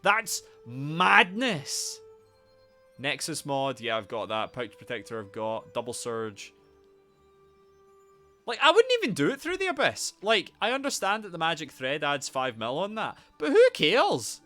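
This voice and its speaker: A young man live-streaming a game, chatting casually and loudly greeting viewers by name, with a rambling, swearing manner. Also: fairly high pitch, normal speed, no room sound, faint music behind. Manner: animated, loud greetings to viewers.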